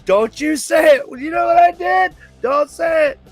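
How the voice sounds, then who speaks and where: A man voicing two foul-mouthed birds in a tree, yelling shrill taunts at each other. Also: normal speed, no room sound, faint music behind. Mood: shouting, taunting. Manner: high shrill shouted taunts.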